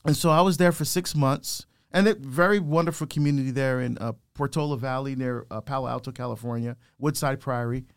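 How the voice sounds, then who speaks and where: His mid-range voice is clear and resonant, moving fairly quickly with hardly any pauses. A middle-aged deacon speaking as a guest, he recounts his life story with energy and imitates the people he quotes.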